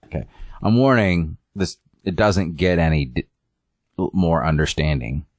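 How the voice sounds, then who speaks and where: A man's voice: low-pitched, lively intonation, a little slow, no room sound, studio quality. A man casually recapping a comic in a rambling chat, full of fillers, acting out the characters' lines. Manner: rambling, filler-heavy, acts out quotes.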